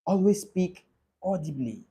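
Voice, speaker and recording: A man leads a speaking-test training class. His voice sits high. He moves at a slow, deliberate pace and repeats each rule for note-takers. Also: expressive, dark tone, breathy edge, highs cut off. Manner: repeats key rules slowly for note-taking. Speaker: IELTS trainer. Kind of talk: classroom teaching. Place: training session room.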